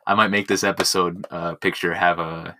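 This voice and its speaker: This young podcaster's low voice comes out flat and slightly slow, with a lot of noise behind him. He's at home in his room, recording a crude, swear-filled solo ramble on a phone and mocking himself as he goes.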